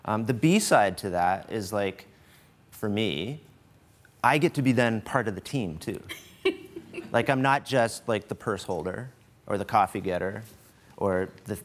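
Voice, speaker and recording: Low-voiced, easygoing husband guest. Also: male voice, expressive. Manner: easygoing, joking, thoughtful pauses. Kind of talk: casual on-stage conversation. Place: studio stage with live audience.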